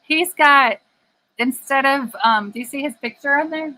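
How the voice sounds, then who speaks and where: A woman chatting on a live stream from a home garage, her voice bright and forceful and pitched a little high. She rambles, restarts her sentences and breaks into giggles as she goes. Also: moderate pace, rough recording. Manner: giggly, rambling, laughs often. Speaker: co-host. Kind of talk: casual live-stream chat.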